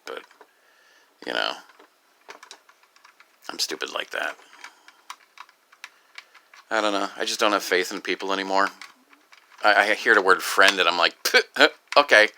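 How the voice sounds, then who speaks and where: A grieving man talks through a personal vlog in a low, tight, very forceful voice. He stumbles through restarts and fills gaps with "you know." He swears freely, and faint noise sits under the recording. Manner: halting, profane, full of restarts and "you know". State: upset, grieving. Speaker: video creator.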